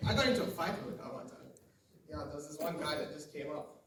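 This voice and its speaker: A man's voice: on the high side, animated, fast talker, noisy background. A young South African man in his twenties doing his first stand-up set, chatty and loose, talking to the crowd. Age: 20s. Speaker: stand-up comedian. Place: live comedy room. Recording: echoey room, mic a bit far.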